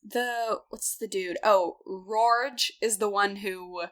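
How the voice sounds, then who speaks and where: A woman's voice: medium pitch, steady tone, slow pace. A woman co-hosting a podcast, casually recapping a book, laughing often and acting out characters in playful voices. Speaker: podcast co-host. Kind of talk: casual book discussion chat.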